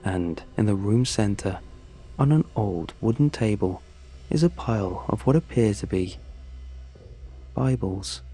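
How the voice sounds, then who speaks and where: A man narrating a first-person horror story in a measured, scripted storytelling manner. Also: on the low side, warm tone.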